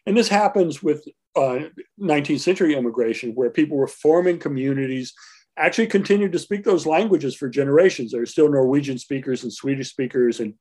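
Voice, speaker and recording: A man's voice: mid-range voice, dark tone, breathy edge. A man answering interview questions as a linguist, explaining carefully with frequent filler words. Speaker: linguist guest.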